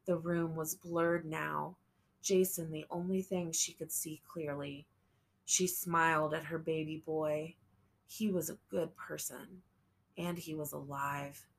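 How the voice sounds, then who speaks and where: A woman reading a novel aloud as an audiobook narrator, slow and measured. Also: deep voice, fairly even intonation, gravelly. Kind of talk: scripted narration.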